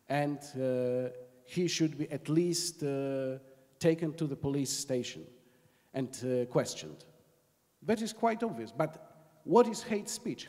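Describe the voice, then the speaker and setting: A man's voice: fairly high pitch, mellow. Man, from Poland, panel debate, argumentative, long hall reverb. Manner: argumentative, measured with hesitations. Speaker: panel guest, journalist. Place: large conference hall.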